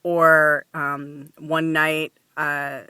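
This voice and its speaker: A woman's voice: deep voice, level tone, extremely slow, sharp tone, clean tone, dry recording. A woman vlogger talking casually to camera, chatty and laughing often, with lots of fillers and restarts.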